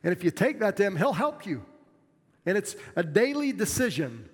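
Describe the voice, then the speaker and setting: A man's voice: high-pitched, sing-song, normal speed, slightly rough, big-room sound. A middle-aged man preaching a sermon as a pastor, earnest and plainspoken, with self-deprecating humor.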